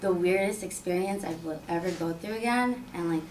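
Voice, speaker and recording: A young woman telling a personal story in a casual, filler-heavy, animated way. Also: on the low side, a little fast, slight background noise. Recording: roomy sound from a distant mic.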